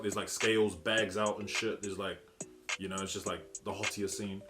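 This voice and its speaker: A man's voice: fairly low pitch, little pitch movement, moderate pace. A young man with a New Zealand accent, telling a story casually, swearing freely and acting out what people said, with music behind him. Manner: slangy, swears a lot, acts out quotes. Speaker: vlogger.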